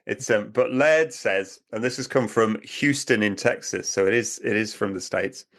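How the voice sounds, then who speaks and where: A man's voice: fairly low pitch, normal speed. A man co-hosting a podcast, talking in a rambling, chatty way and laughing often. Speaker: podcast co-host. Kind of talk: casual chat.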